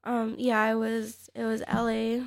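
A woman's voice: a little high, monotone, unhurried, vocal fry, dry recording, clean studio sound. A woman, a fighter guest, chatting casually and hesitantly, with many fillers and restarts. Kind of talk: casual podcast chat.

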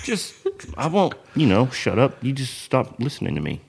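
A man's voice: mid-range voice, wildly swooping pitch, normal speed, vocal fry, a little mellow, breathy edge. A young man hosting a podcast, telling stories in casual chat, swearing often and laughing as he talks. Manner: swears a lot, laughs through his stories. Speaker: podcast host.

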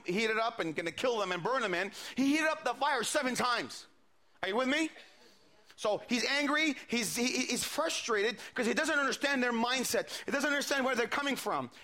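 A male preacher delivers a sermon, walking his listeners through a scripture story. His voice sits very high and sounds bright and forceful. He often repeats words as he builds each point. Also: expressive, fairly quick. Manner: retelling scripture with quoted dialogue, frequent repetitions.

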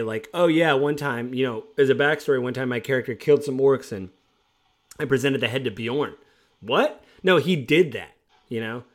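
A man in casual chat, animatedly retelling stories from tabletop games he ran, acting out what players said. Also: medium pitch. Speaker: former game master.

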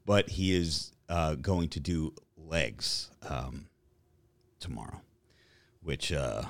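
A man in his thirties co-hosting a podcast in casual chat, profane and rambling, dropping into low mumbles and rising into loud rants. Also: animated, takes it slowly, vocal fry, no room sound. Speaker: podcast co-host.

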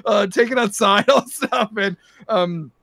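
A man narrating a tabletop game as game master, rambling and filling pauses with lots of uhs. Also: sits high, gravelly, sharp tone, dry recording.

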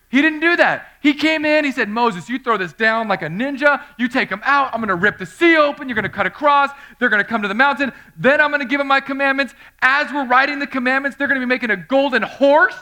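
Animated high-voiced preacher. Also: male voice. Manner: animated storytelling, swinging from loud to hushed; acts out quoted voices. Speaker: pastor. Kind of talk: sermon.

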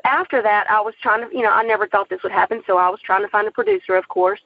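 Earnest woman with a gravelly voice. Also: mid-range voice, fast talker, narrow, tinny audio. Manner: earnest, animated storytelling with religious conviction. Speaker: aspiring filmmaker telling her story. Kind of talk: personal testimony.

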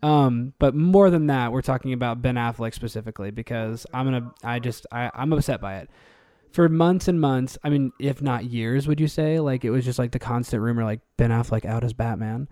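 A man co-hosting a podcast in casual chat, animated and rambling, laughing often. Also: medium pitch, a little fast, no echo. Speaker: podcast co-host.

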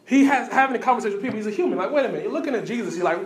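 A man, preaching a sermon in lively bursts with quick asides and repeated phrases. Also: high-pitched, reverberant, crowd noise. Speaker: pastor.

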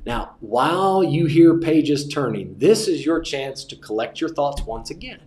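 A man teaching a class on sermon delivery, relaxed and joking, repeating his key points. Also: a little high, a little slow, echoey room. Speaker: preaching instructor.

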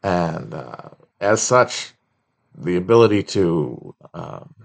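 A man hosting a casual livestream chat, talking slowly with many fillers and restarts. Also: low-pitched, big pitch swings, vocal fry. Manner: sings a song loosely at the start. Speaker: livestream host.

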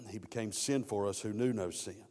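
A man's voice: on the low side, moderate pace, a little mellow. Male preacher, narrative sermon delivery, echoing hall. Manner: storytelling preacher who voices biblical quotes. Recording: long hall reverb.

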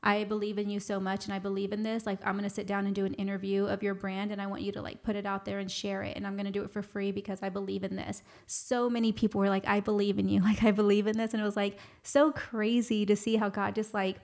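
Young woman, gravelly voice, flat pitch, chatty storytelling in an interview. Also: fast, few pauses. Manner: chatty, animated, frequent "like" and quoted dialogue. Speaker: guest, clothing brand owner.

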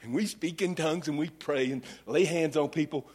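A pastor in middle age, his voice sitting high for a man as he preaches. He tells homespun, joking stories from the pulpit in a folksy, down-home way. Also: brisk, a little mellow, husky. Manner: folksy, humorous storytelling preacher. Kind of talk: sermon.

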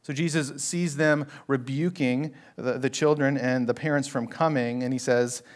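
A man's voice: medium pitch, fairly even intonation, moderate pace, hardly any pauses. A male pastor preaching an expository sermon in an earnest, conversational way, with casual asides to the congregation.

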